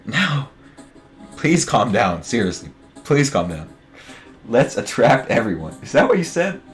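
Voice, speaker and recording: Man, game streamer, casual commentary, joking asides, lively swooping pitch, faint music underneath. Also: a little slow. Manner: joking, muttering asides to viewers.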